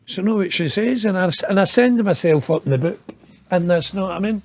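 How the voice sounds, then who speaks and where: A high-pitched, slightly mellow voice belongs to a Scottish man in his fifties, speaking a little fast as an interview guest. His long story wanders and swears, and he cracks himself up, poking fun at himself.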